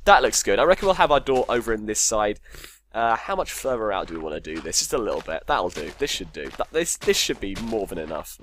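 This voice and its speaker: A man's voice: lowish voice, sing-song, fairly quick, a bit bright, a little hiss or hum. A man casually commentating his Minecraft game, joking, swearing and talking to himself. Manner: swears a lot, jokey, talks to himself. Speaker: gamer.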